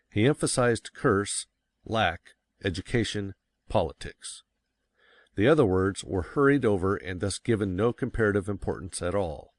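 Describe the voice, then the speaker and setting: Deep-voiced man reading an old text. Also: no echo. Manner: measured, stresses key words. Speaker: narrator. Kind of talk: audiobook reading of a classic text.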